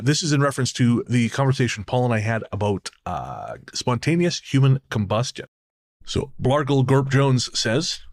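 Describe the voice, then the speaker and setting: Male podcast co-host from Canada, mid-range voice, relaxed storyteller with a laugh and a curse. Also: medium pitch. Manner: storytelling, laughs often, swears casually. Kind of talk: casual chat.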